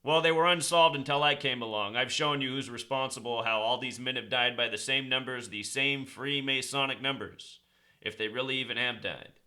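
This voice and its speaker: A man's voice: medium pitch, normal speed, pushed and bright. A man hosting his own video, delivering an indignant, insistent conspiracy commentary monologue. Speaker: online video host.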